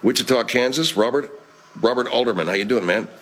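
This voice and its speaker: A man's voice: medium pitch, brisk, a bit bright, slight background noise. Profane, rambling man hosting a live chat. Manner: profane, rambling, laid-back. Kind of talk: casual live-stream chat reading comments.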